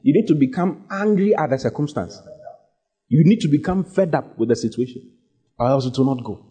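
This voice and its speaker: Fervent husky preacher. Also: male voice, fairly high pitch, lively intonation, fairly quick, dark tone. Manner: emphatic, repeats key phrases, rising to fervent exhortation. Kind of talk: sermon.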